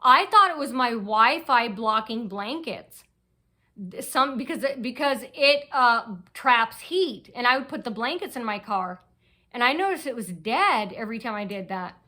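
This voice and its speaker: A woman talking straight to her viewers in a rambling, aggrieved monologue. Her voice is bright and sharp, set a little high, and she keeps circling back and restarting her sentences. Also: expressive, unhurried. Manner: agitated, aggrieved, restless storytelling with many restarts. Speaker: vlogger.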